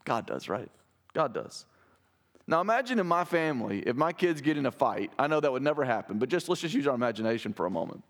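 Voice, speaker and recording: A man's voice: medium pitch, very animated, racing, few pauses. A man preaching a sermon in a conversational way, asking his listeners rhetorical questions. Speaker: pastor.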